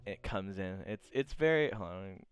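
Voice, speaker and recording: Guy running a tabletop game, smooth voice, bouncy and rambly, a little music behind. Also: low voice, lively intonation, moderate pace, dry recording. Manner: rambling, self-interrupting, playful. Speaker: game master.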